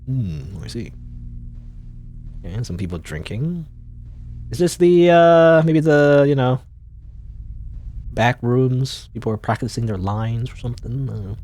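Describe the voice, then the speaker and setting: A man's voice: medium pitch, lively intonation, normal speed, pauses often, darkish tone. A man doing casual let's play commentary, rambling and hesitant, full of filler words, and reading the game's text aloud. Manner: reads game text aloud.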